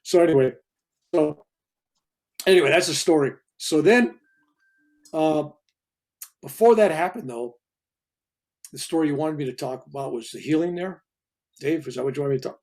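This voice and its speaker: An older man in his seventies, a reverend, telling a personal story in a loose, animated way and acting out the people in it. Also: on the high side, normal speed, pauses often. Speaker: reverend and guest speaker. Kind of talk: casual storytelling interview.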